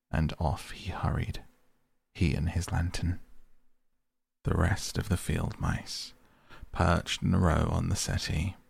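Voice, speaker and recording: A man reading a storybook aloud in a slow, measured narration. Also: sits low, gravelly, a little mellow, slightly rough, no room sound.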